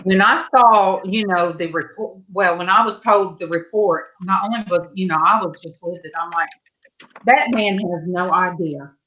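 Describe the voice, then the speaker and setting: A woman hosting a live-stream panel, telling stories in a slow, halting, meandering way over a video call. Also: fairly low pitch, pushed and bright, lo-fi sound. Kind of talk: casual chat on a live stream.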